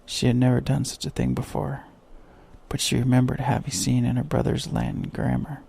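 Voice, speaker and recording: Man reading a sleep story, very gravelly, dark and mellow, husky, slow soft delivery. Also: mid-range voice, flat delivery. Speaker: narrator.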